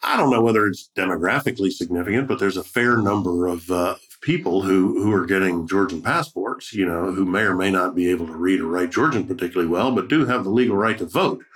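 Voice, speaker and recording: Deep-voiced rambling man. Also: fast, few pauses, fairly bright tone. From United States. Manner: rambling, many fillers and restarts. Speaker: podcast host. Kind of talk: casual conversation.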